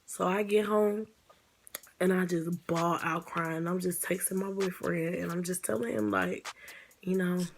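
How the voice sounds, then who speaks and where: Gravelly low-voiced young woman vlogger. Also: normal speed, slight background noise. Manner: blunt, exasperated storytelling with swearing. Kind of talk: casual storytime vlog.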